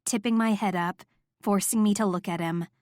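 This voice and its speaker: A woman narrates a first-person romance audiobook, soft and intimate in her delivery. Her voice is mid-pitched and the recording is close and completely dry. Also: steady tone, moderate pace, no room sound.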